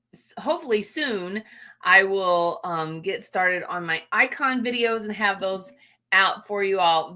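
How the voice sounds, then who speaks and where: A woman's voice: mid-range voice, bright, forceful tone. A woman hosting a casual livestream, greeting viewers in a gushing, emotional way with many fillers. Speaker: livestream host. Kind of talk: casual live chat with viewers.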